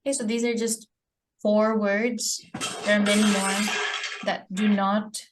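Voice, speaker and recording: Slow, patient woman teaching grammar. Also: mid-range voice, level tone, background noise. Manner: patient, explains step by step, often checks with "okay?". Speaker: English teacher. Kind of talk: online grammar lesson.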